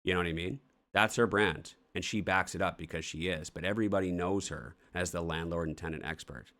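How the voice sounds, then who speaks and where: Canadian dude hosting, real low voice, rambly and blunt, swears a lot. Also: male voice, brisk, bright, forceful tone. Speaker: host. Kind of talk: casual morning show chat.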